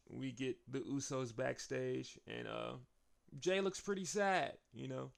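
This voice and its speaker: A man hosts a casual wrestling recap, talking in a loose, chatty way and laughing often between points. His voice is gravelly, with a middling pitch. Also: measured pace.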